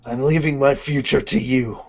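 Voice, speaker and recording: A man voicing a gruff young male dragon slayer facing death, subdued and earnest, in an amateur manga read-along. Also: mid-range voice, steady tone, moderate pace, natural voice. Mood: grim. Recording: dull lo-fi podcast audio.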